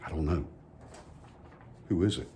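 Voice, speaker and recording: Man, children's sermon, folksy, playful questions, low mellow voice. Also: a little slow, a little hiss or hum. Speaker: church children's message leader. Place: church.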